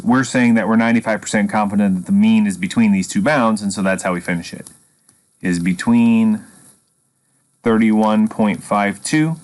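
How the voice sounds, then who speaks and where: A man teaching a statistics lesson, explaining patiently and step by step with a dry sense of humor. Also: fairly low pitch. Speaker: math teacher. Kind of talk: screen-recorded statistics lesson.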